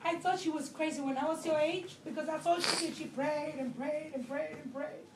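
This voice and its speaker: A woman's voice: sits high, fairly even intonation, a little fast, reverberant, distant mic, very noisy. A woman teacher crying as she talks to her class, pleading and scolding the children in turn. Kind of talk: emotional classroom farewell speech.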